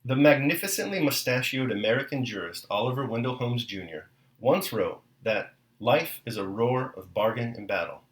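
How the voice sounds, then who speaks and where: A man hosting a daily podcast, reading a novel aloud in a measured way and then reflecting on it. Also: medium pitch, expressive, echoey room, rough recording.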